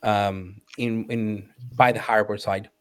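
A man's voice: on the low side, level tone, slow, fairly bright tone, clean tone. A man narrating a tabletop game as game master, hesitant and full of fillers.

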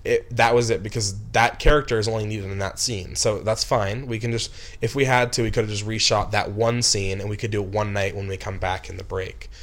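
A man's voice: on the low side, steady tone, brisk, hardly any pauses, a bit bright. A young man who directs films, telling a long story in casual chat, rambling with lots of "like" and restarts and flaring into angry bursts. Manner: rambling, heavy with "like" and restarts, flares into angry outbursts. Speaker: film director.

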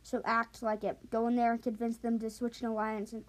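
A woman voicing a stern male dragon commander who gives orders in a hurried, bossy way. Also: a little high, monotone, natural voice, poor audio.

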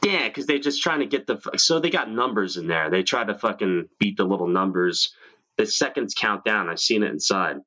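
A man's voice: on the low side, animated, fairly quick, bright, forceful tone. A man from New York hosting a casual chat show, swearing freely and laughing often. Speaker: podcast host.

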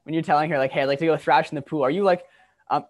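A man's voice: a little high, fairly even intonation, very fast. A man hosting a podcast, curious and enthusiastic, asking questions in loose, casual talk. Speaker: podcast host.

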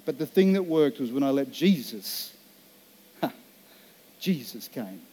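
A man preaching as a pastor, telling a personal story in an earnest, slow and emphatic way, in a church setting. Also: medium pitch, lively intonation, dark tone, slight background noise. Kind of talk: sermon.

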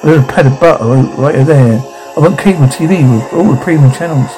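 A middle-aged actor playing a brash, crude monster hunter who cracks wise. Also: male voice, on the high side, quick pace, over music, lightly acted, low-quality recording. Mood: cocky. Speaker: wisecracking hero. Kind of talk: TV drama acting.

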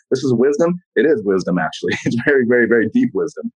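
A man as a podcast guest in casual motivational talk, blunt and profane, telling animated stories. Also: mid-range voice, fast talker, hardly any pauses, slightly rough, low-quality recording.

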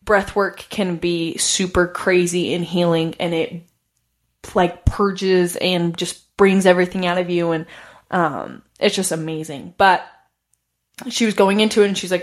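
A woman with a fairly low voice hosts a podcast, telling a personal story at a measured pace. She's chatty and casual, leaning heavily on "like" and laughing often.

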